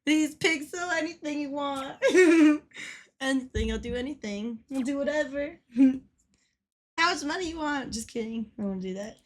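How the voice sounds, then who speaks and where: A woman's voice: high-pitched, animated, moderate pace. A woman livestreaming a game who chats casually with her viewers, greets them by name, swears freely and laughs constantly. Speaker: streamer.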